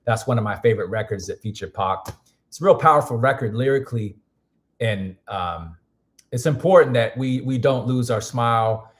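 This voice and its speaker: A man with a hoarse voice chatting casually on a live stream. He rambles loosely, doubling back and restarting his sentences as he goes. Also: medium pitch, normal speed. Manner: rambling, frequent restarts and fillers. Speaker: music producer streaming.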